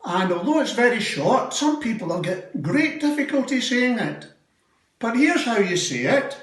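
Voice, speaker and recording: A man with a Scottish accent, gently explaining a word over a tablet video call. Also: extremely high pitch, sing-song, normal speed. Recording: echoey, distant room sound.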